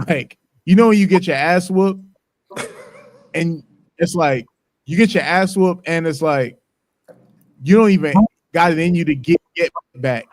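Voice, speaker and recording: A man co-hosting a casual podcast chat, animated and slangy, laughing as he tells it. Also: fairly high pitch, a little slow, pauses often, no echo. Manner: animated slangy storyteller, laughs, mock-quotes. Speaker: podcast co-host.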